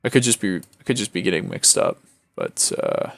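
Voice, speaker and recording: A man's voice: deep voice, huge pitch swings, normal speed, creaky, no echo. A young man from Canada, chatting casually on a late-night gaming stream in a laid-back, slangy way and swearing freely.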